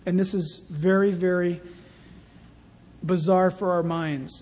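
A male pastor preaching an animated sermon in a warehouse church, declaiming scripture emphatically. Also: high-pitched, slow. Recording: long reverb in a large hall.

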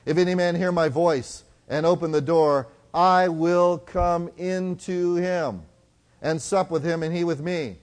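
A male preacher giving a sermon, swinging between loud exhortation and hushed tones and slowing down to read scripture. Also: on the high side, steady tone.

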